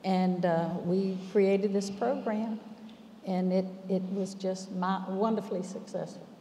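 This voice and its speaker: A woman's voice: mid-range voice, fairly even intonation, a little slow, mellow, slight background noise. Older woman reminiscing in a hall. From Memphis, Tennessee. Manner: chatty, restarts often, laughs between thoughts. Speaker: alumna panelist. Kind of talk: personal reminiscence on a panel. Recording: roomy hall with long reverb.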